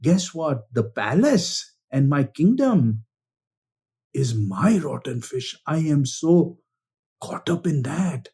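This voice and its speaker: Man doing proud king in a parable, slow deliberate husky voice, kinda high. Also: very animated, mellow, exaggerated voice. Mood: brooding. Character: proud old-tale king, commanding then brooding.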